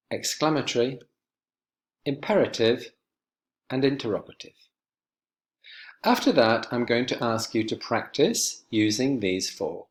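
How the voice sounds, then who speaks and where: A man teaching an English grammar lesson to students, clear and emphatic as he speaks to them directly. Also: medium pitch.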